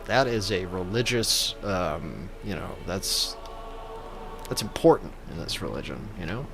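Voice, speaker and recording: A man's voice: low voice, expressive, a little slow, vocal fry, over music. A man giving comedic gameplay commentary as a gaming YouTuber, joking in a playful, mock-reverent way.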